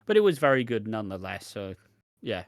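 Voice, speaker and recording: A man's voice: fairly low pitch, sing-song, brisk, dry recording. Laid-back man, dry close sound. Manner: laid-back, frequent restarts and casual swearing. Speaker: podcast co-host. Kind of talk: casual chat.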